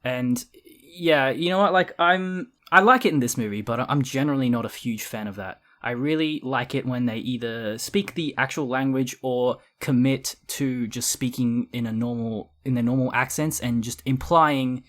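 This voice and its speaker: A man's voice: medium pitch, moderate pace, a bit bright. A man co-hosting a podcast, talking casually about films in an easygoing, agreeable way with hesitant fillers. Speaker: podcast co-host. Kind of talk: casual film discussion.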